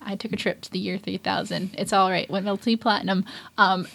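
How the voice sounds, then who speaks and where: A woman's voice: mid-range voice, steady tone, fairly quick, gravelly, a bit bright. A young woman co-hosting a podcast, recapping an anime episode in a rambling, casual way with lots of fillers and restarts. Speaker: podcast co-host. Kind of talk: casual anime reaction chat.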